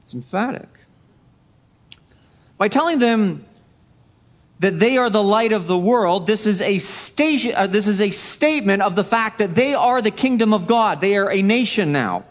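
A man preaching a Sunday sermon, emphatic, repeating key phrases and dropping to a hush for effect. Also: high-pitched, expressive, moderate pace. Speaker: pastor.

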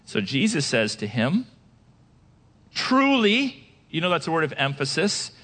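A man preaching a sermon as pastor, animated, asking his listeners questions and acting out quoted voices. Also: fairly high pitch, a little fast.

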